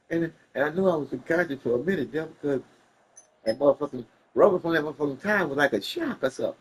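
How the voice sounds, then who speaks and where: A man telling a story casually, animated and profane, laughing along the way. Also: fairly high pitch, fast talker, slightly rough, poor audio.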